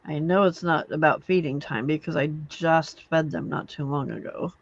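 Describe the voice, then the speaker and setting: A woman's voice: deep voice, normal speed, no room sound, highs cut off. A woman hosting a late-night crafting livestream from home, chatting casually, laughing often and scolding her cats. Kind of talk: casual chat while crafting.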